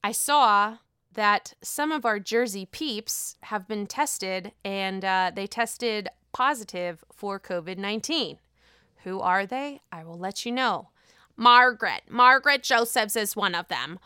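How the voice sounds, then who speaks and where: A woman giving casual, blunt commentary, full of swearing and animated outbursts. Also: mid-range voice, a little slow, smooth, no room sound, clean studio sound. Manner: blunt, profane, animated rant.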